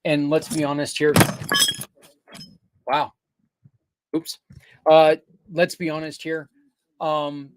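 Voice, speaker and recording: Earnest rambling older man, higher voice. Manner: earnest, rambling, with self-corrections. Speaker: podcast host. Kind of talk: casual promotional talk.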